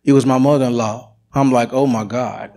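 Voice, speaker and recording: A man's voice: mid-range voice, fairly even intonation, normal speed, warm tone. A middle-aged man giving an earnest, emotional personal testimony at church. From United States.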